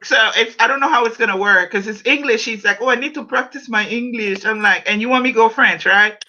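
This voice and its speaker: A woman's voice: a little high, quick pace. A woman hosting a podcast, chatting casually and playfully with her guest on a livestream call. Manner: animated, playful, repeats herself. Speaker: podcast host. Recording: dull lo-fi sound.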